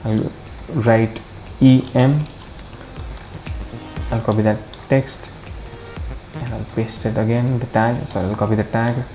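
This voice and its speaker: Guy doing a coding walkthrough, dark mellow voice, faint music in the back. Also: mid-range voice, level tone, slow pace, pauses often. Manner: thinks aloud, corrects himself, mixes Hindi into English. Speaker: coding tutorial host. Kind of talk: screen-recorded coding walkthrough.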